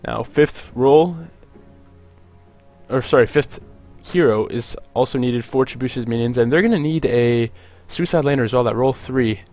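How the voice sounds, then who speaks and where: A young man casting a video game match on his own, chatty and jokey, with many filler words and quick asides. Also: mid-range voice, darkish tone, faint music behind. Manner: rambling, jokey, lots of "like" fillers. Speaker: esports caster. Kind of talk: solo play-by-play commentary.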